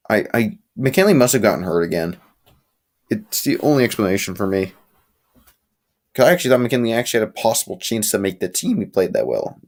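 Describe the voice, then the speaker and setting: This young livestream host, voice on the low side, rambles through a late-night chat with viewers. He yawns and sounds sleepy, restarting thoughts and tossing in opinionated asides.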